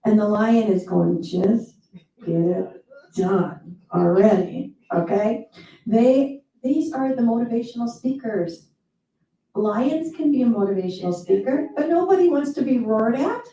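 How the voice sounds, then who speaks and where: Woman doing a fun motivational seminar talk, kinda high mellow voice, far from the mic in a super echoey hall. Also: animated, moderate pace. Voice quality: enthusiastic, playful, with quoted asides. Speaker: motivational speaker.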